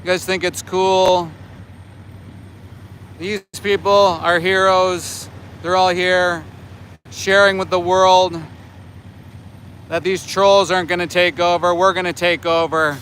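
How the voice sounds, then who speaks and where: A man in his forties streams live from a phone outdoors, with faint street and traffic noise around him. His voice sits high and bright, and he talks at an unhurried pace. He needles his viewers with sarcasm and scolding. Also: level tone. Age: 40s. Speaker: livestreaming activist. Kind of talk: livestream chat with viewers. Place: outdoors near a slaughterhouse by homes.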